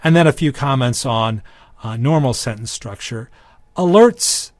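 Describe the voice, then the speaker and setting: A man's voice: medium pitch, expressive, unhurried, no room sound. A man teaching a recorded lesson on biblical Greek grammar, with dry humor and frequent ums and restarts. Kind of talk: recorded lecture.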